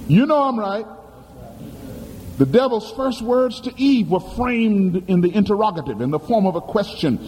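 A male pastor delivers a sermon with a dramatic, storytelling sweep, his voice swooping high and low and rising above a man's usual pitch. His tone is dark and mellow, and a long church reverb trails every phrase over a faint room hum. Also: animated, normal speed. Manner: calls on the congregation to answer.

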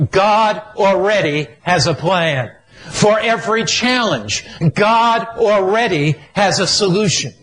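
A man's voice: high-pitched, a bit bright, low-quality recording. A man preaching a sermon in an emphatic, repetitive cadence.

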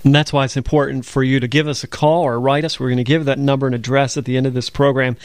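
A man's voice: medium pitch, little pitch movement, fast, smooth, dry recording. A man co-hosting a Bible program, telling stories and explaining scripture step by step in conversational teaching.

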